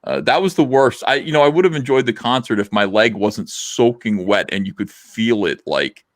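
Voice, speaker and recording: Rambling man, lively swings. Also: mid-range voice, normal speed, dry recording, clean studio sound. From South Jersey, USA. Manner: rambling, profane, lots of fillers. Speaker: live stream host reading chat. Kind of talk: casual live stream chat.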